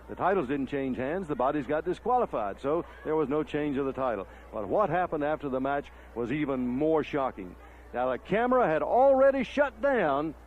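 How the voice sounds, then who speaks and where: A man's voice: a little high, a little hiss or hum. A man hosting a wrestling show, talking to fans in a folksy, emphatic way. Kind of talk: studio wrestling commentary. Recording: dull lo-fi 1990s TV tape.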